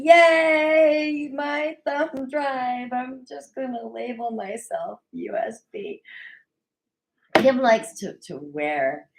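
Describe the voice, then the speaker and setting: Solo recap host, woman, lively swooping delivery, slightly low-set voice, chatty and opinionated. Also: rough recording. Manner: chatty, opinionated, animated with mock quoted voices. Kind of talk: casual solo recap commentary. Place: at a desk at home.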